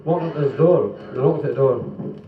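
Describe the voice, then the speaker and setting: A Scottish man telling quick jokes in a live stand-up set, slipping into comic voices and asides. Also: a little high, a little hiss or hum. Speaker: stand-up comedian and singer. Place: club function room before a live audience. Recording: 1970s live club recording, roomy, dull, from far off.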